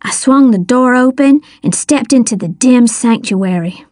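A woman giving a first-person storybook narration in a wry, measured, expressive manner. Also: on the high side, dry recording, studio quality. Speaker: audiobook narrator.

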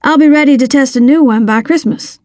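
A woman voicing a relaxed grown man who builds race cars, in an audiobook. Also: sits high, brisk, dry recording, clean studio sound, natural voice. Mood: easygoing.

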